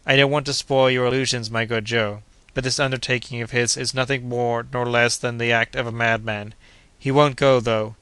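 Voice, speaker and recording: A man voicing a skeptical, stubborn gentleman hunter who refuses bluntly and doubts everything in an audiobook. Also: mid-range voice, steady tone, moderate pace, clean tone, no room sound, natural voice.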